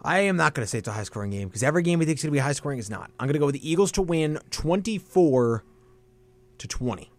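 A young man hosts a college sports radio show from a studio, confident as he teases his co-host. His voice is a little high, expressive and fast, picked up by a studio microphone while he wears headphones.

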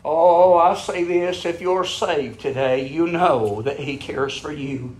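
A man's voice: on the high side, slow pace. A man preaching a sermon in a fervent, repetitive cadence.

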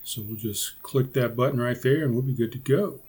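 A man's voice: mid-range voice, fairly quick, a little mellow, breathy edge. A man in a mid-range voice hosts a casual solo podcast. He rambles, restarts his sentences and swears freely, talking close to a podcast microphone. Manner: rambling and profane, with many restarts. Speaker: podcast host.

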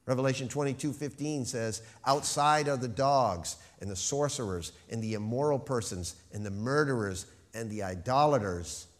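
A man preaching a sermon, stressing key words with slow, emphatic phrasing. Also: medium pitch. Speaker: pastor.

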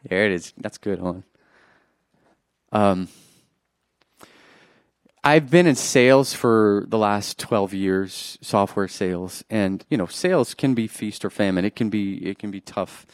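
A man preaching a sermon, animated and joking with the congregation, swinging from loud bursts to quiet asides. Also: on the low side, unhurried, long pauses, no room sound, studio quality. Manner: jokes with the congregation.

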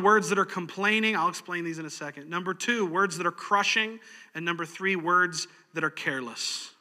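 A man's voice: sits high, pushed and bright, big-room sound. A man preaching a sermon in a folksy, practical way, chuckling often. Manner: folksy, practical, laughs easily. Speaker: pastor.

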